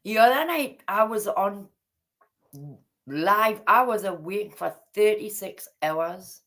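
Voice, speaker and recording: A woman's voice: mid-range voice, expressive, takes it slowly, a bit bright. A woman with a Geordie accent hosting a casual livestream chat, chatty, affectionate and teasing. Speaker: livestream host.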